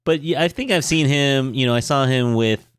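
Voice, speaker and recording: A woman hosts a casual podcast interview, asking short questions in a remarkably low voice. Her tone is smooth and resonant. The sound is dry and close, with no room echo. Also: moderate pace. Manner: brief backchannel replies and questions. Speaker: podcast host.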